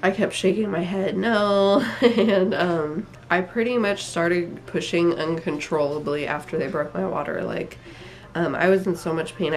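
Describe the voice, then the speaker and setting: A young woman vlogger telling a personal story in a rambling, emotional way, tired and full of fillers. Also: low-pitched.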